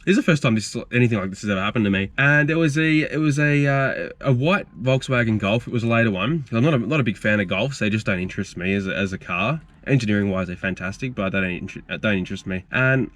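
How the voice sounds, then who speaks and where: His mid-range voice has a fairly bright tone. The young car-channel host from Australia answers questions in a loose, candid vlog, wandering through stories and peppering them with fillers.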